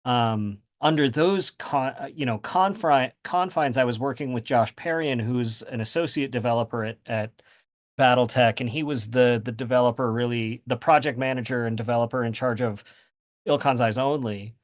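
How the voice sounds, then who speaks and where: A man's voice: mid-range voice, moderate pace. A man speaking as a guest author in a casual interview, rambling with many fillers and restarts.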